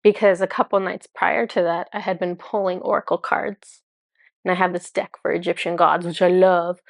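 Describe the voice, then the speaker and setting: A woman's voice: lowish voice, little pitch movement, normal speed, vocal fry, no echo, studio quality. A woman speaking as a spiritual channeler in a casual, enthusiastic monologue full of fillers. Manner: chatty, filler-heavy, enthusiastic.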